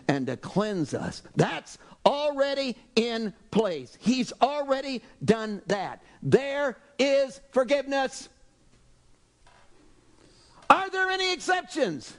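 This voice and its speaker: A male pastor preaching a sermon, animated and exclaiming, acting out voices from the story. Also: high-pitched.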